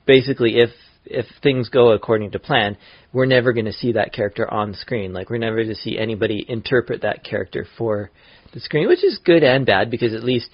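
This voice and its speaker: A man's voice: mid-range voice, a little fast, slightly rough, no room sound. A man co-hosting a podcast, chatting casually, often restarting and trailing off. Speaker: podcast co-host. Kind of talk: casual chat. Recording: dry, dull lo-fi podcast audio.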